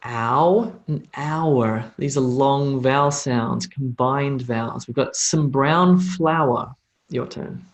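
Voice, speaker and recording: A man with an Australian accent teaching English pronunciation in a live online lesson, drawing out model phrases for students to repeat. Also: medium pitch. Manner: slow, drawn-out model phrases for repetition.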